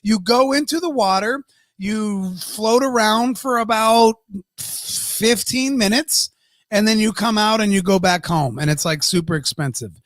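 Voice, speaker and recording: A man's voice: sits high, unhurried, fairly bright tone, dry recording. Male podcast co-host, ranty and profane, bone-dry close mic. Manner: ranting, swears freely. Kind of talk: casual live-stream chat.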